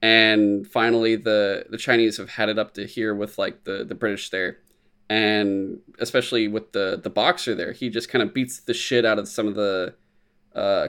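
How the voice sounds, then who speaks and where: A man's voice: fairly low pitch, clean tone. A man talking casually on a podcast, recapping films with lots of energy. He swears freely and drops into silly voices whenever he quotes someone. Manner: animated, profane, acts out quotes in silly voices. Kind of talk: casual chat.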